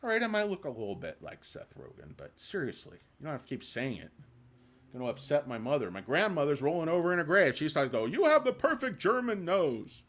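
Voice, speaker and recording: A man's voice: mid-range voice, big pitch swings, fast talker, a bit bright. A middle-aged man hosting a stock livestream, rambling and ranting with self-deprecating jokes. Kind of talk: casual rambling livestream chat.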